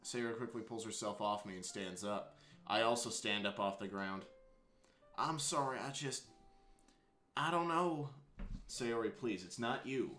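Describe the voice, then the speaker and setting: Bright-voiced young man streaming a game. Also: fairly low pitch, measured pace, pauses often, soft background music. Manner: swearing, laughing, excitable asides. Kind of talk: reading a visual novel aloud with commentary. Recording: roomy echo.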